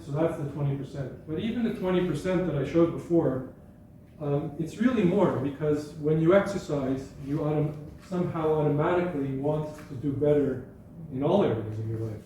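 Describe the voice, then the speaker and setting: A man's voice: on the high side, moderate pace, dark tone. A man giving an informal talk to an audience, chatty and anecdotal, often correcting himself mid-sentence. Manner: conversational, self-correcting, anecdotal. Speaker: guest speaker. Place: hall at a school gathering. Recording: echoey room, speaker far from mic, faint background noise.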